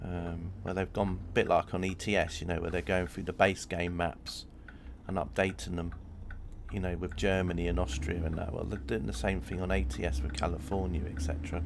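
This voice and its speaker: Chatty man with a gravelly low voice. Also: noisy background. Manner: rambling, chatty, giggles at his own jokes. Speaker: game streamer. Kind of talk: live-streamed gameplay chat.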